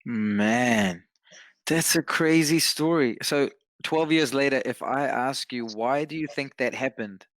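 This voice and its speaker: A man's voice: mid-range voice, takes it slowly, fairly bright tone. A man hosting a podcast, reacting to a guest's story and asking reflective follow-up questions. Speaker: podcast host. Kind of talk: casual interview chat.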